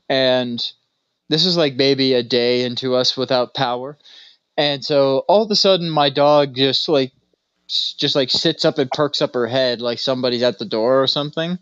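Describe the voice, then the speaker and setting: In a clean, medium-pitched voice with a touch of brightness and no echo, a man co-hosting a podcast rambles through stories and laughs often. The casual chat comes through a dry, slightly dull recording.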